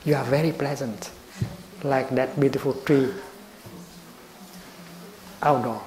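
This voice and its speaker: An older man giving a slow, gentle dharma talk as a Buddhist teacher. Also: medium pitch, steady tone, soft background music. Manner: slow and gentle, with long pauses. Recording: roomy echo.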